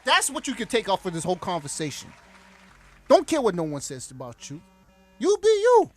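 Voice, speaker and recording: An animated man telling stories as a podcast guest, his voice leaping high and low with a bright, sharp edge. He talks in a lively, excitable way. Music plays behind him. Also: a little fast, no room sound. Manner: animated, laughing, voice jumps high when excited. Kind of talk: animated storytelling chat.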